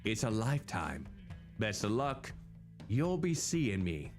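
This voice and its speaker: A man voicing a smug, menacing rich developer who talks low and slow. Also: sing-song, faint music behind, exaggerated voice.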